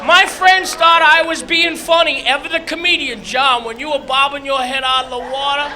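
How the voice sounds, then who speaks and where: A man from Massachusetts performing live stand-up comedy, telling animated stories with shouted squeals and acted-out voices. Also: very high-pitched, normal speed, few pauses, a little hiss or hum. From Massachusetts, USA. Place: comedy club stage. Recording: live club recording with crowd. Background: audience laughter.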